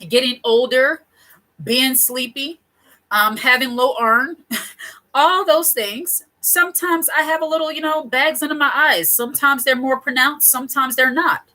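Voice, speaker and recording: A woman's voice: sits high, steady tone, measured pace, pushed and bright, poor audio. A middle-aged woman hosting her own channel, giving casual advice straight to camera in a chatty, digressive way with frequent laughs. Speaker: channel host.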